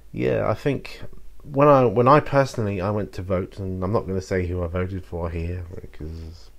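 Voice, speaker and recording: His voice sits low and is creaky, with a steady tone and moderate pace, as this man answers viewer questions in a solo chat to camera for his channel. The talk rambles and hesitates, full of fillers and restarts.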